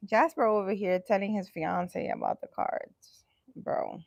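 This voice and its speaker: A woman's voice: medium pitch, wildly swooping pitch, a little slow, creaky, a little mellow, no echo. Woman, livestream host, casual chat, playful and teasing, emphatic, dry close sound. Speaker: livestream host answering viewers.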